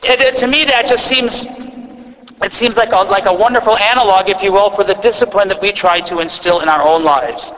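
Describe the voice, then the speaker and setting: A man's voice: high-pitched, a little fast, a bit bright, long reverb tail, poor audio. A man with an Upper Midwest accent preaching a sermon as a priest, in a conversational way with restarts and asides. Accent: Upper Midwest American. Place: church.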